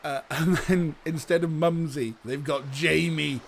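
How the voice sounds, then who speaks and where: A man's voice: on the high side, fairly even intonation, unhurried, creaky, background noise. A man chatting casually as he streams a game, swearing and laughing at his own jokes. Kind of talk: casual let's-play commentary.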